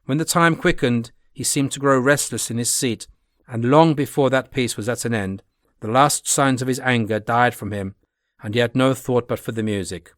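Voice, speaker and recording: Male audiobook narrator, classic novel, steady plain reading, mid pitch, dry close recording. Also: normal speed, no room sound.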